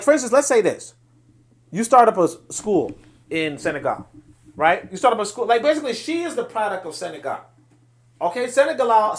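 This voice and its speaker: A man hosting a podcast, giving emphatic solo commentary on social media posts in a lecturing way. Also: high-pitched. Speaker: podcast host.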